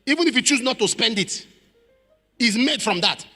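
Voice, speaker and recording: Male preacher, dramatic storyteller, lively high pitch, long hall reverb. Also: normal speed, faint music behind. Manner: dramatic, acts out quoted voices, builds to shouted prayer. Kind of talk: sermon with storytelling. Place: church.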